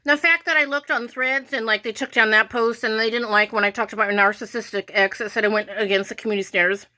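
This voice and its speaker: A woman's voice: on the high side, steady tone, quick pace, sharp tone. An American woman ranting casually to her viewers, irritated and rambling, with lots of "like" fillers. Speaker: vlogger.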